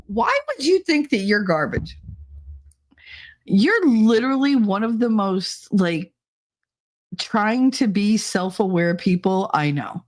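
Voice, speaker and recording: A woman's voice: mid-range voice, animated, slow. A middle-aged woman hosting a live podcast stream, chatting casually with viewers, teasing and swearing, often laughing. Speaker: livestream podcast host.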